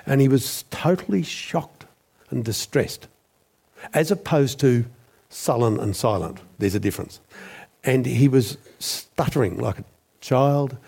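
A man, a former journalist, recounting a story as a guest in a measured, deliberate way. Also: medium pitch, creaky, darkish tone, husky. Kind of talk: storytelling interview.

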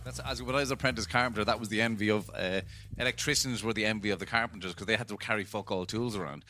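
A man's voice: on the low side, fairly even intonation, fast, pushed and bright, soft background music. An Irish man telling stories in casual chat, swearing a lot and laughing as he talks. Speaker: guest comedian.

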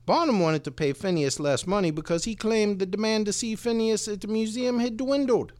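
A man's voice: high-pitched, a little fast, darkish tone. A man hosting a casual comedy podcast, telling a history story with profanity and laughter.

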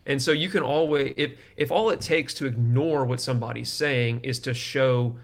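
A man co-hosts a podcast in casual chat. He works through his reasoning with hesitant restarts. His voice sits at an ordinary middle pitch. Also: normal speed. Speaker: podcast co-host.

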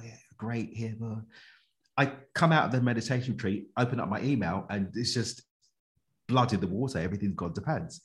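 A man, a podcast guest telling a personal story in an animated, colloquial way, chuckling often. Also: fairly low pitch.

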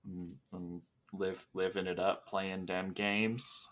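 A man's voice: sits low, level tone, slow, fairly bright tone. A man co-hosting a movie podcast, chatting casually with a joking, sarcastic manner. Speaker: podcast co-host. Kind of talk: casual chat.

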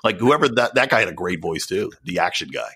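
Animated, husky man chatting casually. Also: low voice, quick pace. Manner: rambling, animated, laughing storyteller. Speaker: podcast co-host. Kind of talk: casual chat.

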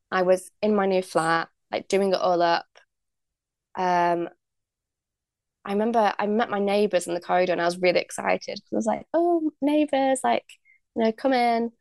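A woman's voice: lowish voice, creaky, clear, resonant tone, no echo, studio quality. A young woman, a podcast guest telling a personal story in a chatty way, full of likes and ums, acting out what people said. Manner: chatty, many likes and ums, acts out quoted dialogue. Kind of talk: candid storytelling.

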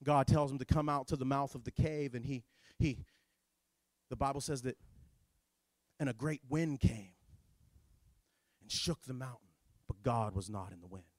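A man preaching a sermon as pastor, with dramatic delivery that swings between hushed and shouting. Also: medium pitch, normal speed, pauses often, dry recording, studio quality.

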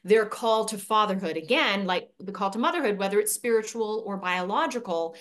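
A woman from Canada talks through her experiences as an interview guest, speaking fluently and articulately. Her voice sits at an average pitch and her answers come out as long, steady stories. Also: fairly quick. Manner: articulate, fluent storytelling with light laughs. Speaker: guest, pro-life speaker and author.

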